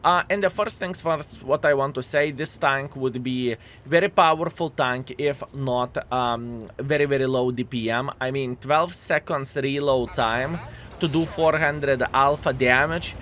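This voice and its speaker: A man's voice: mid-range voice, a little slow, a bit bright, a little hiss or hum. Sarcastic male gameplay commentator. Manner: sarcastic, repeats phrases, many fillers. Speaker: game commentator.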